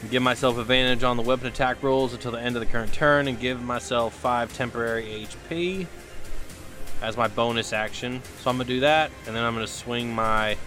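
Casting: easygoing young male player, mid-pitched, wisecracking. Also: steady tone, a little fast, pushed and bright, soft background music. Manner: laid-back, joking, profane. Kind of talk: tabletop game play.

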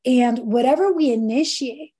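A woman's voice: sits high, normal speed, mellow, slightly rough. A woman host giving a reflective, earnest faith-based wellness talk, quoting scripture and musing aloud with casual fillers.

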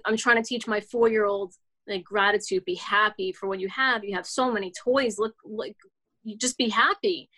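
Woman, late 30s, interview guest; rambling, restart-heavy, earnest delivery, mid-pitched. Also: pushed and bright. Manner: rambling, many restarts and fillers, heartfelt. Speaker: guest author. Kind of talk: casual interview storytelling.

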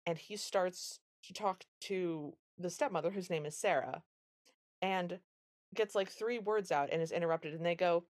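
A woman's voice: fairly low pitch, moderate pace. A woman co-hosting a podcast, recapping a film in casual chat and acting out the characters' lines as she goes. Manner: animated retelling, acts out quoted lines. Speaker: podcast co-host.

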